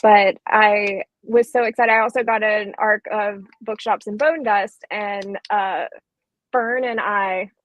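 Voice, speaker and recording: A woman's voice: mid-range voice, steady tone, slow, rough recording. A woman bookseller in a casual live-streamed chat, talking in a chatty, enthusiastic way with lots of fillers. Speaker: bookseller co-host.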